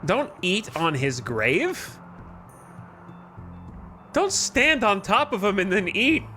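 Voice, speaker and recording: A man's voice: sits high, very animated, slow, sharp tone, faint music behind, pitched above the performer's own voice, full character voice. A man voicing a stern male colony leader with a Birmingham accent, delivering a theatrical, scolding eulogy. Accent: Birmingham, England.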